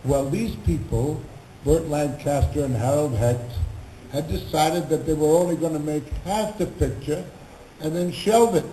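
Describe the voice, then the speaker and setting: An older man, pitched a little high for his age, recounts stories with animated gusto and acts out the voices of the people he quotes. His voice carries through a roomy convention hall with a faint hum of crowd behind it. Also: measured pace. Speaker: convention panel guest. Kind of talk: anecdotal storytelling.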